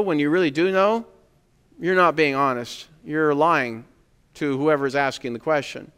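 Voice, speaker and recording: A man preaching a sermon in a conversational, emphatic way, pressing points with loud stresses. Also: on the high side, clean tone, in a large hall.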